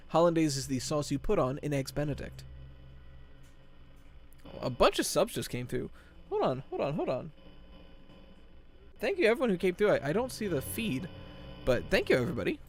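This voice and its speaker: A young man streams a game while chatting to his viewers. His voice sits a bit high for a man, and he keeps the mood light with groaner jokes and excitable outbursts. Soft music plays faintly behind him. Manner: joking, tells groaner puns to chat; excitable, quick yelps of frustration. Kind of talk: live-stream gameplay chat.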